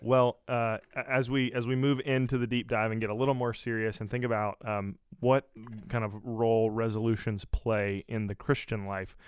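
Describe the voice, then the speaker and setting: A man with a low, clear, resonant voice co-hosts a casual podcast. He rambles and restarts his sentences, and the sound is close and dry. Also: no room sound. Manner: rambling, many fillers and restarts. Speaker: podcast host.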